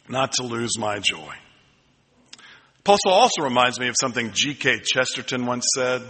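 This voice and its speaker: Bright-voiced pastor in a reverberant church. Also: male voice, medium pitch, husky. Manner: storytelling with self-deprecating humor. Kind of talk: sermon. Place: church sanctuary. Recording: long reverb in a church hall.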